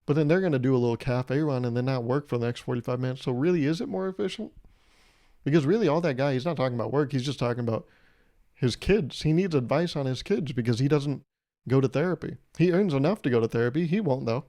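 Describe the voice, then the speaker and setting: A man's voice: medium pitch, fast, mellow. Rambling young man riffing crudely. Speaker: podcast host. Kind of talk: casual comedic monologue.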